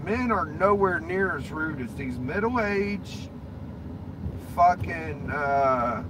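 A man's voice: a little high, lively intonation, slow. A man ranting and chatting casually on a stream, profane, rambling and blunt. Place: inside a car. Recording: clear road and engine noise.

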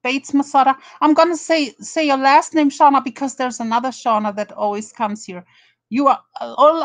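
A woman's voice: high-pitched, fairly even intonation, normal speed, no echo. A woman with a German accent hosting a live drama commentary stream, greeting chatters and mocking rivals with lots of swearing. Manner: profane, mocking, greets viewers one by one.

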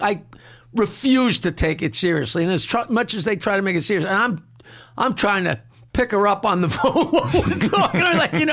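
A man's voice: high-pitched, vocal fry, fairly bright tone. Boisterous Long Island man spinning a yarn. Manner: boisterous, laughs through his punchlines. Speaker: comedian guest telling a story. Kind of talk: casual storytelling.

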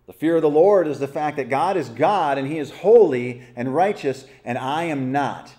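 A man's voice: mid-range voice, lively intonation, normal speed, hardly any pauses, dark tone. A man leading a church Bible study, teaching animatedly, asking the group questions and acting out voices in his stories.

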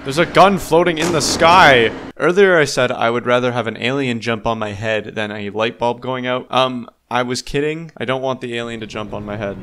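A man's voice: mid-range voice, normal speed, hardly any pauses, fairly bright tone. A man giving live commentary while playing a horror game, swearing, screaming when startled, and laughing nervously to himself. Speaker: gamer.

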